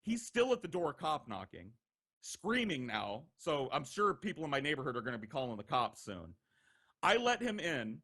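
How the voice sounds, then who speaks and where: A young man with a slightly high voice tells a wild story from his past in a loose, casual way. He swears freely and slips into quick impressions of the people he talks about, letting his voice jump up and down as he acts out each one. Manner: animated, profane, acts out quoted voices. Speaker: podcast regular telling stories.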